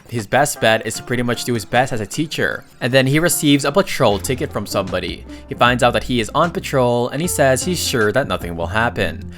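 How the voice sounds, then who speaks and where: A man's voice: medium pitch, fairly bright tone. A man narrating a comic recap in a casual, chatty way, with jokey asides and the odd stumble.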